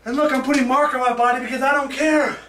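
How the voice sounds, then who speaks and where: High-voiced man vlogging in echoey room. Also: fast, heavy background noise. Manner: animated and playful, hyping himself up to viewers. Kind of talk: casual vlog to the camera. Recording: echoey room, camera at a distance.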